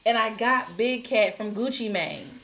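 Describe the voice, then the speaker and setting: A woman's voice: on the high side, unhurried, a little hiss or hum. A young woman from the Baltimore area with a Baltimore accent, co-hosting a casual podcast and telling stories with frequent laughs. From Baltimore area, USA. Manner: storytelling, laughs often, animated. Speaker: podcast host. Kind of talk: casual chat among cousins.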